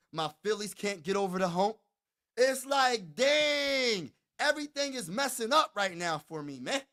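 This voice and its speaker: A man's voice: sits high, bright, forceful tone. A man hosting a sports show, ranting as an emphatic, hyped fan, with stammering restarts and lots of repetition.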